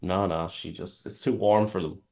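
A man's voice: deep voice, steady tone, moderate pace, darkish tone. A man with an Irish accent co-hosting a podcast in easygoing, rambling casual chat. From Ireland. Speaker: podcast co-host.

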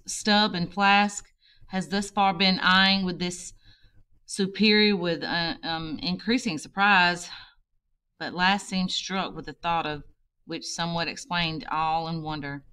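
Slow, careful woman reading a classic novel aloud, hesitant at times, for an audiobook. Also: on the low side, steady tone, sharp tone, clear, resonant tone. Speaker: reader. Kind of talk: amateur audiobook narration.

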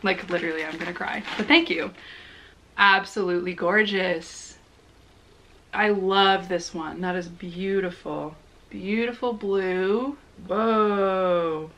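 A young woman crochet vlogger chatting casually while unboxing, gushing and excitable with gasps and giggles. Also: fairly low pitch, slow pace, a little hiss or hum.

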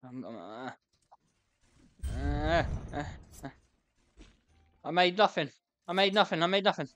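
A woman's voice: low-pitched, animated, measured pace, fairly bright tone, slight background noise. Frantic swearing woman gamer. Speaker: gaming YouTuber. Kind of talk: let's play commentary.

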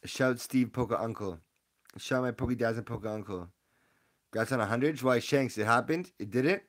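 A young man streaming live as he opens card packs, chatting casually and rambling excitedly as he gives shout-outs to viewers. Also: medium pitch, normal speed. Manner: excitable, rambling, hypes up the audience.

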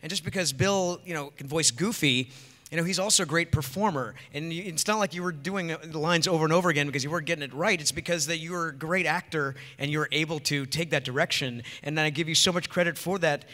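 A man in his forties from Rhode Island talks on a panel, eager and animated. His voice sits a little high and sounds bright. The hall adds a long reverb. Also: fast talker. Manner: enthusiastic, animated storyteller. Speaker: voice actor panel guest. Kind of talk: convention panel chat.

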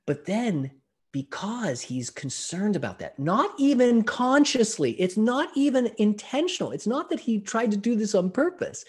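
Male presenter, physician type, online talk; husky, animated delivery with wide pitch swings. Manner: lively, expressive storytelling with acted-out exclamations.

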